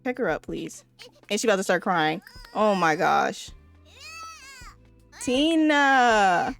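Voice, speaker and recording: A woman's voice: fairly low pitch, moderate pace, gravelly, faint music behind. Chatty woman narrating her gameplay. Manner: chatty, addresses viewers as y'all, excitable exclamations. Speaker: let's play creator. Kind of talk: casual gameplay commentary.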